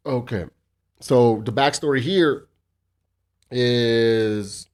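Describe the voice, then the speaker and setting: A man's voice: medium pitch, fairly even intonation, slow, darkish tone. Profane ranting male podcast host. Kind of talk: solo podcast monologue.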